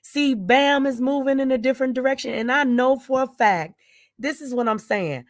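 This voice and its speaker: A woman's voice: high voice, normal speed, no room sound, studio quality. A middle-aged woman hosting her own channel, speaking in an emotional, emphatic monologue full of repeated vows and declarations. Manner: emphatic, repetitive, vowing and declaring. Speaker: channel host. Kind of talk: emotional direct-to-camera monologue.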